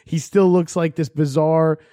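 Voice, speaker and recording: A man's voice: fairly high pitch, steady tone, a little slow, warm tone, dry recording, studio quality. A man co-hosting a casual podcast, blunt, teasing and opinionated. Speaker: podcast co-host. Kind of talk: casual chat.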